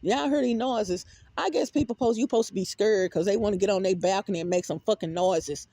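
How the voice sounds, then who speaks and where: A woman's voice: fairly high pitch, lively intonation, fairly quick, few pauses, a little mellow, no room sound. A woman talking casually to her viewers in a rambling, emphatic way, repeating words and swearing freely. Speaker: vlogger.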